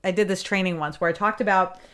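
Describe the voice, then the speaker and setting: A woman's voice: on the low side, fast talker, a bit bright, clean tone. Enthusiastic woman guest in casual interview. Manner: enthusiastic, talks in vivid metaphors. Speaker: podcast guest, business coach.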